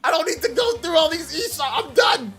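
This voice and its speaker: A man hosting a casual gaming live stream, excitable, repeating himself and laughing at himself as he talks. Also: extremely high pitch, fairly quick, soft background music.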